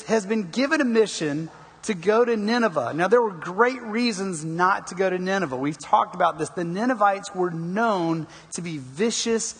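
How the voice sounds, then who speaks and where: A man preaching a sermon in a storytelling manner, letting his voice sink low on repeated words. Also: fairly bright tone, slightly rough. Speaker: pastor. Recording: long hall reverb.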